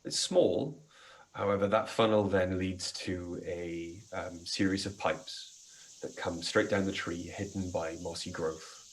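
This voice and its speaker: A man narrating as game master of a tabletop game, his voice sitting very low. He describes the scene step by step, with frequent ums between phrases. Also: takes it slowly, slight background noise, low-quality recording.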